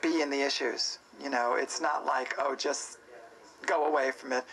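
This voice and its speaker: A man's voice: medium pitch, steady tone, normal speed, rough recording. A man behind a stage musical, explaining its aims earnestly in a casual interview. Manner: earnest, warm about the show, laughs easily. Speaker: show creator.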